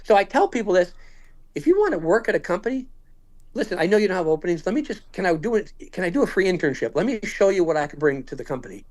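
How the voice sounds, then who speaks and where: Fast-talking man telling an animated story. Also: high voice. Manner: animated, acts out quoted dialogue. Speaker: podcast guest. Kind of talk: storytelling in casual conversation.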